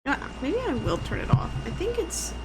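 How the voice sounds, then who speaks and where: A woman's voice: extremely high pitch, huge pitch swings, normal speed, music in the background. A young adult woman streamer chatting casually while playing a game, laughing easily and swearing. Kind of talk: casual gameplay chat.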